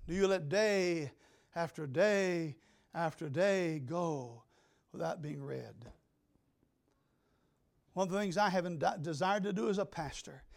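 A male pastor with a high, gravelly voice delivers an emphatic sermon. He swings from loud declarations to hushed asides.

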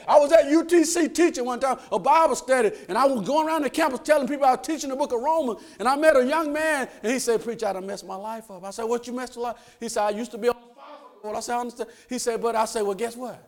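An older man preaching a sermon, calling out to the congregation and rising to shouts. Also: extremely high pitch, lively intonation, quick pace.

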